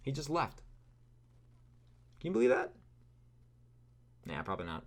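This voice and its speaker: A man's voice: mid-range voice, big pitch swings, a little slow, long pauses. Rambling sarcastic man telling a story. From California. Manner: meandering, sarcastic, full of fillers and asides. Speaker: gaming video creator. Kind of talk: rambling comedic storytelling over gameplay.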